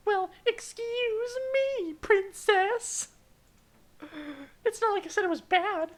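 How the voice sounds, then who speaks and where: A man voicing a bratty, blunt teenage schoolgirl in a shaky falsetto, with a snappy, sharp-tongued manner. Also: slow pace. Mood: snippy.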